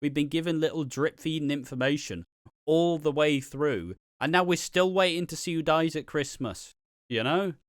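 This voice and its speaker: A man co-hosting a podcast, giving an animated, opinionated rant with plenty of swearing. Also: a little high, normal speed, no room sound, studio quality. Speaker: podcast co-host.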